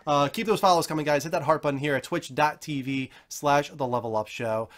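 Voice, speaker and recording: A man's voice: on the high side, fairly quick, a bit bright. A man hosting a casual gaming talk show, upbeat and chatty as he plugs the stream.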